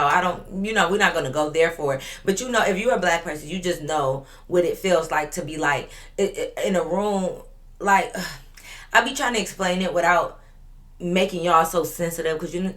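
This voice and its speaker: Young woman telling a wild story to the camera, lowish voice, cusses a lot. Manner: animated, profane, talks straight to viewers. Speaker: vlogger. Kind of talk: storytime vlog.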